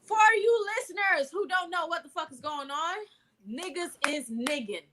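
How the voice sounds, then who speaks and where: A woman's voice: very high-pitched, normal speed, a little hiss or hum. A woman co-hosting a podcast, telling stories in loose, slangy, casual chat. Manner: loose slangy storytelling, animated gossip. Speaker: podcast co-host.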